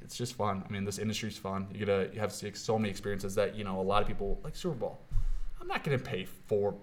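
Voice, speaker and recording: Rambling young man, lowish voice. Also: quick pace, slight background noise. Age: young adult. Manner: rambling, upbeat, full of "I mean" and "you know". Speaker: sports videographer. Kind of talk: casual interview conversation.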